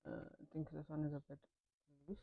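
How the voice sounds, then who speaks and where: A woman's voice: sits low, completely flat delivery, brisk, gravelly, dry recording, narrow, tinny audio. A South African woman chatting casually while doing her makeup, mixing English with local-language phrases as she talks about motherhood. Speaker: vlogger and mother. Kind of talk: casual get-ready-with-me chat.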